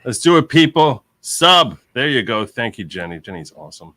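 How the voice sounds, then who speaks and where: A man on a live legal commentary stream who talks excitedly, repeats himself and reads chat comments aloud. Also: mid-range voice, no echo. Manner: excitable, repeats himself, quickly concedes points. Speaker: lawyer streamer reading chat.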